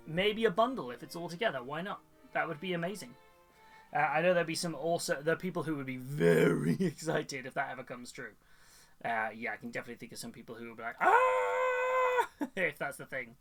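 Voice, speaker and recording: Man, hobby streamer: bright, slightly high voice, loose rambling chat. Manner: rambling and chatty, with many fillers and restarts. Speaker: hobby streamer and model kit seller. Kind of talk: casual live-stream chat while building models.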